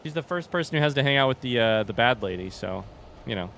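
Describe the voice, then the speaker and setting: A young man talking his way through a game on a live stream, loose and chatty, with a voice that leaps up and drops down in pitch as he reacts. He reads his chat aloud and curses casually, over a faint hiss of background noise. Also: lively intonation, quick pace, a bit bright. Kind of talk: casual let's-play commentary.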